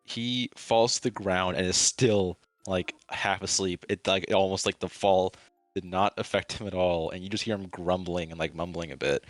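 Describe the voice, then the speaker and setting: A man's voice: sits low, steady tone, normal speed, dry recording, soft background music. A man narrating a tabletop pirate game as game master, casual and loose. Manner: casual, swearing, laughing.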